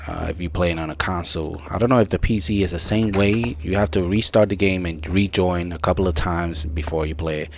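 A man giving casual let's-play commentary on a horror game, chatty and talking to viewers as "guys," quick to burst into shouts and laughter. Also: sits low, gravelly, a little hiss or hum. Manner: excitable, jumps to loud shouts and laughter. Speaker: gaming commentator.

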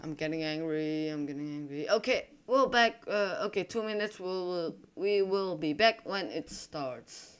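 A young man, an English speaker, giving rambling, excitable commentary over his own gameplay. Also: sits high, clean tone. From Russia. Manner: excitable, rambling, quick to complain and panic. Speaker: gaming YouTuber.

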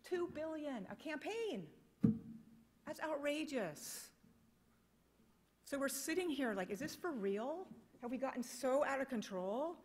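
A woman's voice: high-pitched, expressive, unhurried, pauses often, slight background noise. An American woman giving a conference keynote, speaking passionately and emphatically with many rhetorical questions. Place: conference hall. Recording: long reverb of a conference hall.

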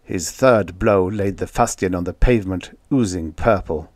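A man narrating a science fiction audiobook in an expressive storytelling manner. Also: low voice, normal speed, dry recording. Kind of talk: scripted narration.

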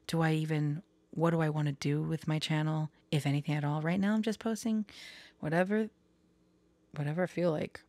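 Low gravelly woman talking slow and soft, kinda confiding, half whispering sometimes. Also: dry recording. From Florida. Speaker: tarot vlogger. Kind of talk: candid personal talk to camera.

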